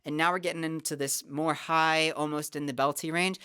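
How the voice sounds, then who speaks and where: A young adult vocal teacher, calmly explaining singing technique step by step in a casual lesson. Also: mid-range voice, a little fast, smooth, no room sound, studio quality. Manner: relaxed, explanatory, talks through technique step by step.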